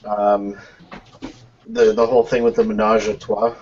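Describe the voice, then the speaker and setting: A man's voice: on the low side, unhurried, creaky, crowd noise. A man hosting a casual live chat with friends, telling stories with playful asides. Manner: animated storyteller, playful asides. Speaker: podcast host. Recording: dull lo-fi mic with steady hiss.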